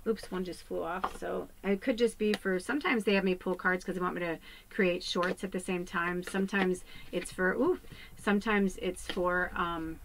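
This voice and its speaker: A woman with a lowish voice talks through a spiritual card reading. She rambles in loose, animated chat and often sinks into quiet, confiding asides. Faint room ambience hums behind her. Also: normal speed, a little hiss or hum, low-quality recording. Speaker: psychic medium giving a card reading.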